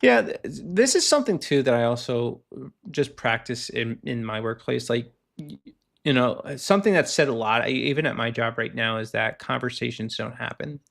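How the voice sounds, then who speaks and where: Gravelly-voiced man ranting casually. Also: medium pitch, normal speed. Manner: animated storytelling, acts out quoted callers. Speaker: podcast host. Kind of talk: casual solo rant, reading posts aloud.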